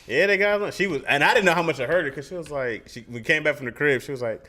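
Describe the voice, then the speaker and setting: A man co-hosting a casual podcast, telling stories in an animated way and jumping into playful voices when he quotes people. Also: a little high, quick pace. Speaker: podcast co-host. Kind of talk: casual chat.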